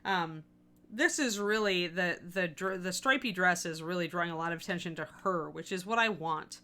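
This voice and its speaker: A woman's voice: lowish voice, moderate pace, sharp tone. A woman hosting a live miniature painting stream, talking casually and thinking aloud with plenty of fillers.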